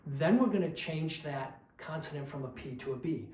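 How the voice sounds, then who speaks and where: Guy walking you through diction drills, calm and clear, a bit high, echoey room. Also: moderate pace, over music. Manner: calm, explanatory, demonstrates drills aloud. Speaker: vocal coach. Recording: roomy echo, faint background noise.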